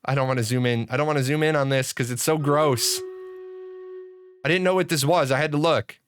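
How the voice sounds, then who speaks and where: A man's voice: mid-range voice, steady tone, a little fast. A man streaming live, ranting with lots of swearing and frequent restarts as he talks to his chat. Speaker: gaming streamer. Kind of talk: profane live-stream rant.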